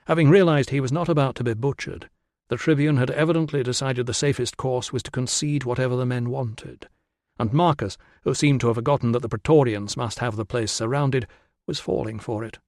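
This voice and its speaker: A man reading a historical novel as audiobook narration, steady storytelling in a close studio recording. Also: mid-range voice, fairly quick, dry recording. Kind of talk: scripted narration.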